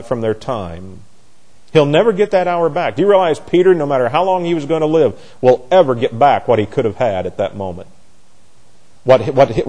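A man preaching a sermon, animated and sarcastic, often restarting his sentences. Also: on the high side.

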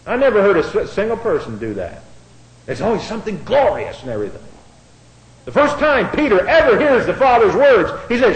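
A middle-aged man preaching a sermon, folksy and sarcastic, swinging between quiet asides and loud outbursts. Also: high voice, wildly swooping pitch, a little fast, poor audio.

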